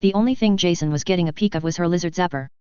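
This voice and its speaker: A woman narrating a science-fiction story in a steady, even storytelling read. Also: on the low side, very fast, smooth, dry recording, lo-fi sound. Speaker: audiobook narrator.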